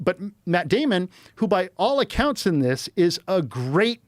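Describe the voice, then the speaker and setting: Animated middle-aged man telling rambling stories. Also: sits high, unhurried, no echo, studio quality. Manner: rambling, animated storytelling with quoted asides. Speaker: podcast guest, screenwriter. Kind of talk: casual chat.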